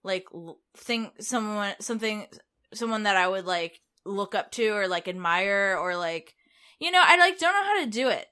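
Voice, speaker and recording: A woman's voice: medium pitch, pushed and bright, clean tone. A woman co-hosting a podcast, chatting casually and sounding anxious and full of self-doubt. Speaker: podcast co-host. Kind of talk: casual chat.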